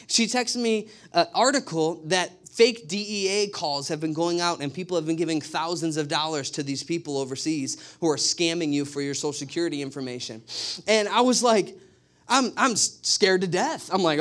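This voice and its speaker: High-voiced man preaching a sermon. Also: a little fast. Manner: animated storytelling, emphatic repetition. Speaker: pastor.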